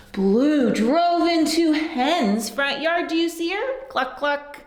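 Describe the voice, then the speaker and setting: A woman reading a picture book aloud to young children, in a sing-song, animated way with soft whispered asides, pausing to teach simple signs. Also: extremely high pitch, roomy sound. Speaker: storyteller teaching baby signs.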